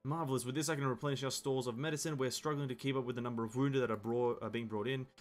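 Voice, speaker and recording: Casting: a tired, resolute field healer, read plainly by a man, mid-pitched, game dialogue. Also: steady tone, racing, faint music behind, natural voice. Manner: reads game dialogue aloud in his own voice. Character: weary but determined adult healer.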